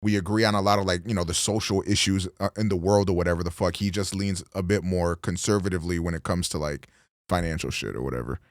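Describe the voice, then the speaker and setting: A young man streaming casually, profane and excitable, slipping into loud laughing rants on a close desk mic. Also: sits low, fast, no room sound. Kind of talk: casual reaction-stream chat.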